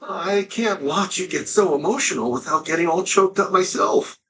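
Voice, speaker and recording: An actor voicing a humble, devoted young male knight in a video game, earnest and quick to get choked up. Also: sits high, noisy background, lightly acted. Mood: moved.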